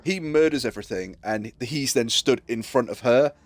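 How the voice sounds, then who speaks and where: A man's voice: mid-range voice, normal speed, no room sound. A man streaming and chatting casually, retelling a story with lots of fillers and acted-out quotes. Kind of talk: casual chat while streaming.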